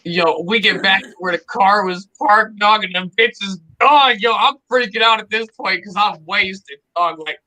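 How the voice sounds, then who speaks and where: A man hosting a casual stream, telling a drunken night-out story in slangy, profane, animated talk. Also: high-pitched, normal speed, hardly any pauses, poor audio.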